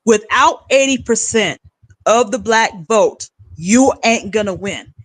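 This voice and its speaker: A woman's voice: fairly high pitch, expressive, slow pace, no echo, rough recording. A woman hosting a political commentary livestream, giving blunt, emphatic rants. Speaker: livestream host.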